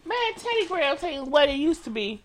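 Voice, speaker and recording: A woman joking loudly in casual group chat, full of slang and laughter. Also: high voice, very animated, brisk. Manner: loud, laughing, slangy banter.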